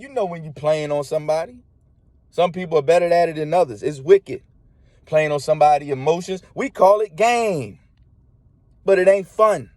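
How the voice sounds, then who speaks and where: A man delivers a sermon in a fairly high voice, talking in a blunt, everyday way. He keeps asking "right?" to pull his listeners along, and his voice sounds close and dry, with almost no room around it. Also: darkish tone, no echo. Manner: preachy, emphatic, frequent "right?" check-ins; colloquial street-flavored speech. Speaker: preacher.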